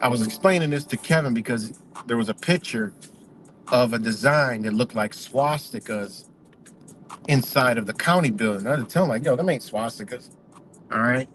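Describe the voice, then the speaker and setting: A man's voice: mid-range voice, moderate pace, fairly bright tone, a little hiss or hum. A man ranting casually, heated, profane and emphatic. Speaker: vlogger.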